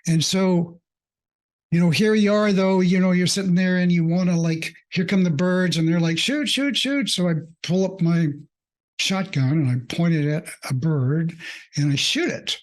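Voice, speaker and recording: A man working as a mindfulness coach, telling a personal story in a reflective, halting way with many fillers, earnest and openly emotional. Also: high voice, steady tone, a little mellow.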